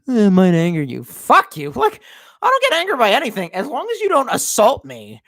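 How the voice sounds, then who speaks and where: Brief: drunk male streamer from Baltimore, profane and mocking, lively swinging pitch, dry close sound. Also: brisk, gravelly, no room sound. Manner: profane, mocking, shifts between yelling and muttering. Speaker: streamer reading chat. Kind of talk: casual livestream rant.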